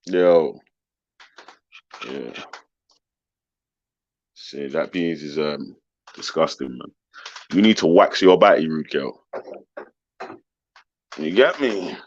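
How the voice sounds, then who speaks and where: A man's voice: a bass voice, expressive, slow, long pauses, dull audio, a little hiss or hum. A man hosting a casual live chat, brash and slang-heavy, swearing freely. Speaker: host.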